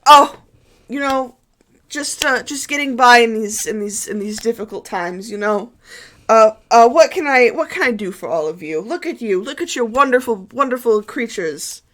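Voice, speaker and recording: A woman's voice: a little high, expressive, normal speed, a bit bright, voice pushed up. Woman voicing a flustered half-elf priest. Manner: flustered, stammering, breathy exclamations. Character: fretful, gushing male half-elf priest.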